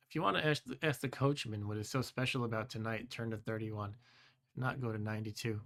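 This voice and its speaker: A man in his forties hosting a live stream and reading a gamebook aloud in his own voice. He talks in a relaxed, chatty way, chuckles often and stumbles over foreign words. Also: on the low side, a little fast. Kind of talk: casual live-stream chat and read-aloud.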